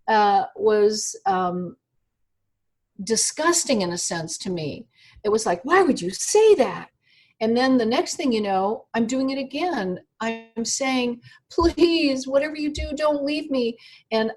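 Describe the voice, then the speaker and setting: A woman being interviewed over an internet call, telling a personal story in an animated, halting way with many fillers and restarts. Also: on the high side. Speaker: interview guest.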